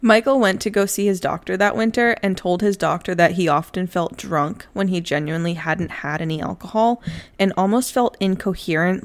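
A young woman with a slightly low voice tells a true crime case to her co-host. Her delivery is chatty and easygoing. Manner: chatty, laid-back, giggles at times. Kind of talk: casual chat, telling a story.

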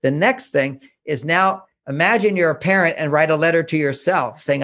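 A man's voice: a little high, normal speed, hardly any pauses, fairly bright tone. An older man from Houston, Texas, an author speaking as an interview guest, giving earnest, emphatic self-help advice and repeating his points.

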